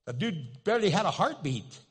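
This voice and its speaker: A man's voice: sits high, very animated, brisk, breathy edge. A man preaching a sermon in a church, telling a story with humor and asking his listeners questions. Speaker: pastor.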